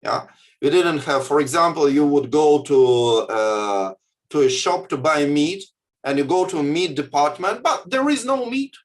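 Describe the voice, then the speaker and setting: A man giving a talk on contemplative practice, speaking slowly and deliberately and often checking in with "yeah?". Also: on the high side, animated. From Russia or former Soviet Union. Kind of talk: lecture with guided exercise. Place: video call.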